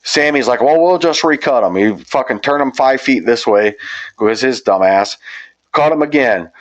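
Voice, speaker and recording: A man hosting a podcast, telling a hunting-dog story in casual, profane, rambling chat. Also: medium pitch. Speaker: podcast host. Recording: dull lo-fi audio.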